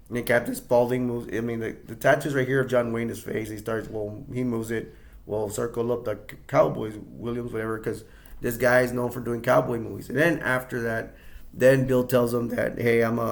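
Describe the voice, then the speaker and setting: A man's voice: mid-range voice, gravelly. A man casually retelling a movie scene, rambling with many restarts and fillers. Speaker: movie reviewer.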